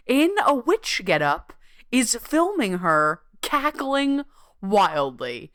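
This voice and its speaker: Animated, laughing woman podcast host. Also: mid-range voice, slow pace, dry recording, clean studio sound. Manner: animated, laughing, profane storyteller. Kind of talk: casual storytelling podcast.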